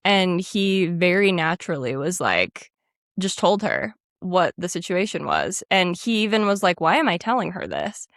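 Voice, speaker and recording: A woman's voice: fairly low pitch, big pitch swings, normal speed, no echo, studio quality. A woman co-hosting a podcast, musing earnestly in casual chat about an anime. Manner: earnest, musing, many likes. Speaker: podcast co-host.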